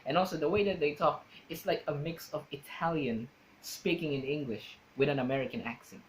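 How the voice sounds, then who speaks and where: Rambling vlogger man, slightly higher voice. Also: brisk, slight background noise, poor audio. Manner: rambling, searches for words. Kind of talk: casual explaining to camera.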